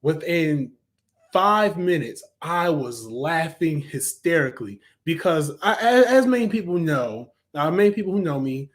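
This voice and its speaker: A man's voice: on the high side, sing-song, measured pace. A young adult man giving a casual, enthusiastic spoken review of a cartoon, chatty, with frequent fillers and self-corrections.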